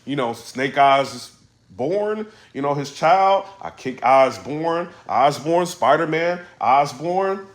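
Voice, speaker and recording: Animated higher-voiced man recapping. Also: slow, roomy sound. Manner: animated, repeats lines he quotes, sudden loud outbursts. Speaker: battle rap commentator. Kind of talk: casual recap commentary.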